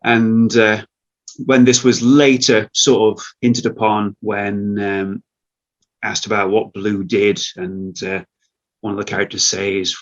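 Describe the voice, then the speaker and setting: A man's voice: on the low side, flat delivery, slow pace. A man, a voice actor in the cast, talking wryly and frankly in a casual panel chat. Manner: wry, frank, amused. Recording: dull lo-fi mic.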